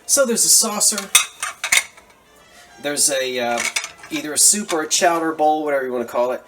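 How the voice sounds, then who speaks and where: Brief: excitable male antiques dealer, chatty show-and-tell, faint music under. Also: a little high, moderate pace. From Philadelphia area. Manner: animated, enthusiastic, chatty asides. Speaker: antiques seller showing a thrift haul. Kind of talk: casual show-and-tell vlog.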